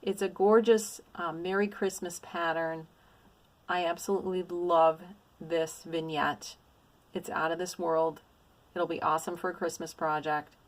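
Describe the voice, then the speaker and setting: A middle-aged woman who vlogs about cross-stitch shows off a craft haul, gushing and exclamatory in a casual show-and-tell. Her voice is on the low side, with a steady tone and measured pace.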